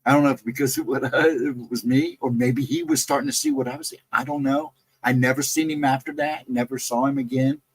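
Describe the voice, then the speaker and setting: Gravelly, husky man telling ghost stories. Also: medium pitch, lively intonation, a little fast, hardly any pauses, rough recording. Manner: rambling, self-correcting, conversational. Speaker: guest storyteller. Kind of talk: casual telling of personal ghost encounters.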